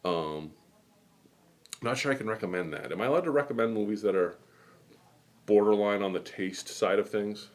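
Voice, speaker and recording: Middle aged guy hosting, kinda low voice, rambly chatty stories. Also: normal speed, long pauses. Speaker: host. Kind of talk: casual chat.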